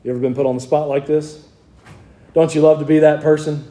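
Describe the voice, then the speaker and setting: Man, Southern US accent, pastor, sermon, warm mellow voice, chatty, asks rhetorical questions. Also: on the high side, little pitch movement, a little fast. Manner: conversational preaching with rhetorical questions to the congregation.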